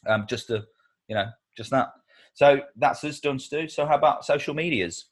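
A man's voice: medium pitch, normal speed. Chatty man on a podcast. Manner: laughs easily, chatty and animated. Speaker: podcast co-host. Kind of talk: casual chat.

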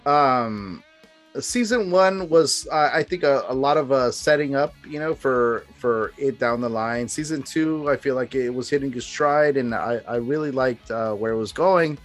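A man's voice: medium pitch, moderate pace, soft background music. A man co-hosting a casual podcast who talks hesitantly, with many fillers and restarts. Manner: hesitant, full of fillers and restarts, laughs along. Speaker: podcast co-host.

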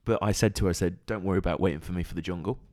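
Chatty man, lowish voice. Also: fairly even intonation, racing, darkish tone. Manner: chatty storyteller, laughs often, mimics people. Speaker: podcast co-host. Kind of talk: casual chat.

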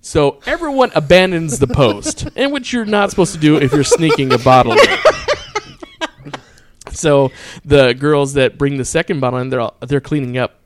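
A man's voice: on the high side, lively intonation, normal speed, a little hiss or hum. A man casually telling a wild night-out story, swearing freely and breaking into laughter. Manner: profane, laughing, quotes people in voices.

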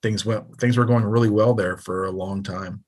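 Husky laid-back man in casual chat. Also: on the low side, steady tone, moderate pace, darkish tone. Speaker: podcast co-host.

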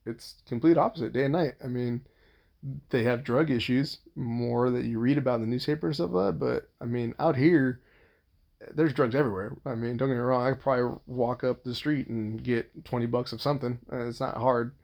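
A man's voice: medium pitch, steady tone, fairly quick, gravelly, darkish tone. A man telling a rambling personal story in a casual monologue, swearing freely and restarting his sentences.

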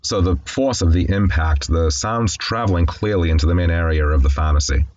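Man, very deep voice, casual film commentary, candid and wry, muffled lo-fi recording. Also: fairly quick, a little mellow. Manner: candid, conversational, with wry asides.

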